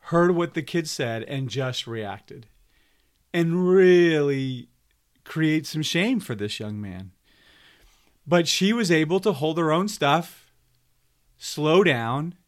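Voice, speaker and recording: A man co-hosting, calmly reflecting on a story and drawing a lesson from it. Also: mid-range voice. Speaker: podcast co-host. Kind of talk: reflective commentary.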